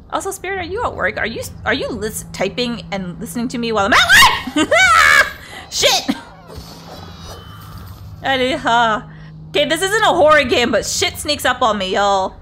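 Lively swearing woman streamer. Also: a little high, slight background noise. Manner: chatty, swears a lot, talks to herself and chat. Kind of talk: casual gameplay commentary.

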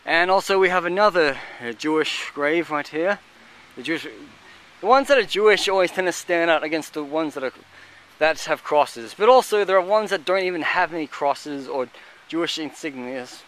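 A man giving casual, halting commentary as he walks through an outdoor cemetery, listing what he sees with many fillers. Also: on the high side, lively intonation, a bit bright. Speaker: vlogger touring a cemetery.

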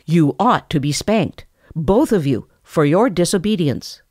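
A woman's voice: on the low side, animated, unhurried, a little mellow, no room sound, clean studio sound. A woman voicing a stern mother bear scolding her cubs firmly. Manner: firm, scolding.

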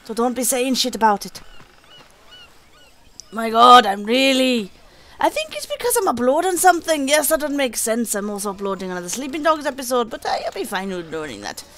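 A woman talks over her gameplay in a high voice, cursing freely and chatting to viewers. Her delivery swoops up and down, with a playful mock pirate lilt. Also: expressive, normal speed, a bit bright, a little hiss or hum. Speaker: gaming channel host. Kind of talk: let's play commentary.

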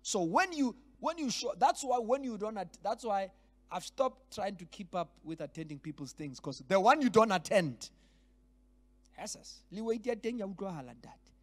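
Male pastor, high and expressive, animated workshop teaching. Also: normal speed. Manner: animated, switches between languages, acts out scenes. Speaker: pastor leading a leadership workshop. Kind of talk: lively church teaching. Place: church hall.

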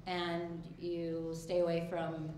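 A woman's voice: on the low side, completely flat delivery, takes it slowly, a little mellow. A woman in her thirties speaking as a guest on a live podcast, hesitant, with many ums. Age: 30s. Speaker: audience guest. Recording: echoey live room with faint noise, far from mic.

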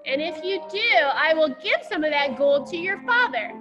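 A woman's voice: extremely high pitch, animated, normal speed, highs cut off, music in the background. A woman voicing a greedy king who gives orders in a children's story. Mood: commanding. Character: commanding king, greedy and excited.

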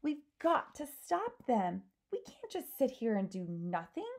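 An eager, curious little girl with a higher, brighter storybook voice, as a woman reading aloud puts her on. Her questions come quick and earnest, with a trace of gravel. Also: very animated, full character voice. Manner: eager questions, higher than the reader's own voice. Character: young girl, curious and brave.

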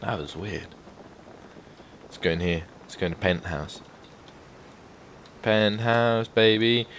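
A man giving casual gameplay commentary, excitable and swearing often, breaking into loud exclamations and rambling asides to his viewers. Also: fairly low pitch, slow pace, slight background noise. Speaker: gaming YouTuber.

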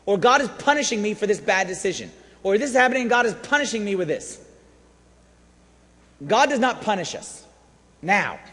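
Priest giving a lively, high-pitched sermon with long church reverb. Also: male voice, moderate pace, pauses often. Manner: animated storytelling, swinging from hushed to shouting.

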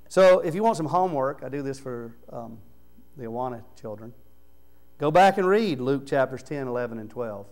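A man preaching a sermon in a church, his voice sitting a little high for a man. He talks like he is chatting with the congregation, dropping to soft murmurs and then rising loud for emphasis. A faint electrical hum runs underneath. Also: clear, resonant tone. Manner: conversational preaching, swings from low murmurs to loud raised emphasis. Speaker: pastor. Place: church sanctuary.

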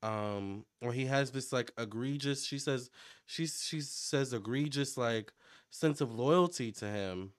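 A man giving a casual psychic tarot reading to camera, chatty and excitable as he relays what he picks up in a running commentary. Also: mid-range voice, unhurried, dry recording, studio quality. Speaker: tarot reader and medium.

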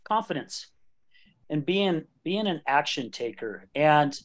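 This late-50s podcast host has a fairly high, expressive voice and speaks slowly. His casual conversation is candid and full of jokes and frequent laughter.

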